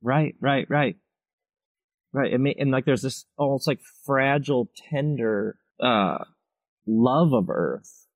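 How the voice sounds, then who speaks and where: A man's voice: mid-range voice, slow. A middle-aged man speaking as an author guest, musing and reflective with easy laughter. His voice sits mid-range and sounds close and dry, with no room echo. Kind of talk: casual interview conversation.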